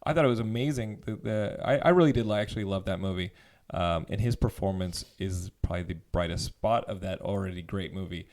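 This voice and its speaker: A man's voice: sits low, brisk, a little mellow. A man talking casually as a guest on a podcast about movies. He rambles from point to point with real enthusiasm and drops curse words freely. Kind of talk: casual chat.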